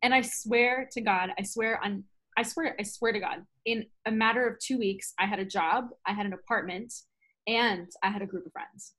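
Animated storytelling woman, slightly husky. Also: mid-range voice, moderate pace. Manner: animated, laughs often, acts out quoted dialogue. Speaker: podcast guest, travel blogger. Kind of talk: casual storytelling.

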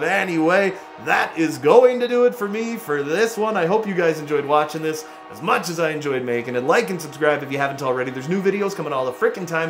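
A man giving lively, excitable gameplay commentary as a gaming channel host, trash-talking players and laughing often. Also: on the high side. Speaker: gaming YouTuber.

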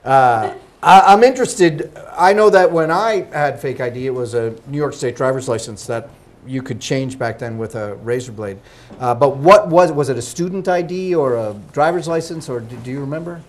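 A man's voice: mid-range voice, moderate pace. A man hosting a comedy game show in a mock-formal, playful manner.

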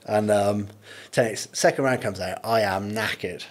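Husky man telling fight stories. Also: on the low side, moderate pace. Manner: laid-back, swears freely, laughs through anecdotes. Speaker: podcast guest. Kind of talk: casual storytelling.

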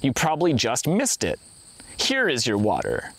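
A man's voice: mid-range voice, huge pitch swings, normal speed, creaky, a bit bright, breathy edge, full character voice. A man voicing a confused, fretful old blind man who protests his innocence. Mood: protesting. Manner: protesting, exclaiming.

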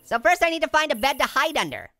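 Fast-talking and high-pitched, a video game streamer delivers excited, joking let's-play commentary. She addresses her viewers directly while she plays.

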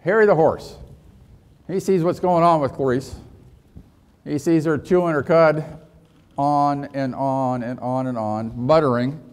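A man's voice: a little high, unhurried, long pauses, clear, resonant tone. Male leadership trainer, storytelling workshop talk, asks the room lots of questions. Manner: rhetorical questions to the audience.

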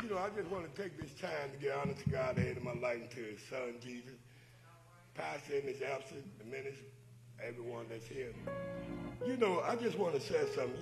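A man's voice: on the high side, creaky, rough recording. A man preaching to a church congregation, exhorting them with rhetorical questions and repeated phrases. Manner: preacherly, repeats "but you know what?" and rhetorical questions. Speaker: church minister.

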